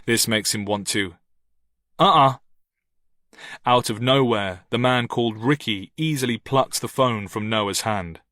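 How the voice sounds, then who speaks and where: A man narrating a thriller audiobook with steady, tense storytelling. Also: lowish voice, normal speed, few pauses, no echo, clean studio sound. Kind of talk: scripted narration.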